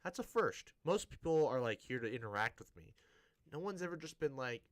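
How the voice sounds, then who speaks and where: Rambling, animated young-sounding man streamer. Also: medium pitch, brisk. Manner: rambling, self-interrupting, dry sarcastic tone. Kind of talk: casual stream chatter.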